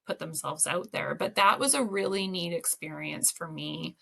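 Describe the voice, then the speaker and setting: A woman's voice: fairly low pitch, normal speed, creaky, fairly bright tone. A woman educator, a guest on an interview podcast, telling anecdotes casually with lots of laughter and fillers.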